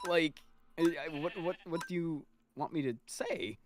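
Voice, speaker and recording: A man's voice: fairly high pitch, a little slow, faint music behind. A man in his twenties, swearing freely as he tells an exasperated story in a casual chat while gaming. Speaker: streamer's guest.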